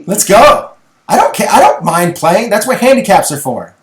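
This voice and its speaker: A middle-aged man co-hosting a podcast, telling a story in casual, animated chat. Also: high voice, normal speed. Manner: animated storyteller, acts out voices in anecdotes. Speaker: podcast co-host. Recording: echoey room.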